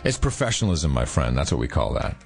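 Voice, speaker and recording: A man's voice: rumbling low, fast talker, vocal fry. Jet-lagged podcast guy joking around, voice swings up and down a lot, faint music under it. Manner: loose, joking, animated banter with laughs. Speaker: podcast co-host. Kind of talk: casual chat. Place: United Kingdom.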